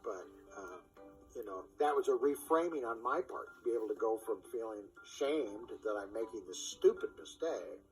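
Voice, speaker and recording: A man's voice: fairly low pitch, lively intonation, moderate pace, soft background music, low-quality recording. A man reflecting on a past decision, acting out what other people said to him. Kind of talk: personal story.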